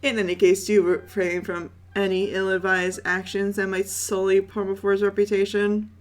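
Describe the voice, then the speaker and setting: A woman's voice: mid-range voice, flat delivery, normal speed, soft background music, lightly acted. A woman voicing a haughty, elegant male dorm leader in a video game, giving stern, imperious orders.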